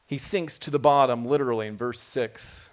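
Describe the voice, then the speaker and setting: A man preaching a sermon, animated and dramatic as he voices scripture quotes. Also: medium pitch, moderate pace.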